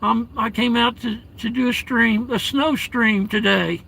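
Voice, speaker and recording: A man chats live from his vehicle, his voice high and bright. He reads viewers' comments aloud and calls them darling and brother. His talk is halting, full of restarts and soft fillers. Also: steady tone, vocal fry, husky, low-quality recording. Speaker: live streamer reading chat. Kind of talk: casual live stream chat. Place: inside a parked vehicle at home during a blizzard.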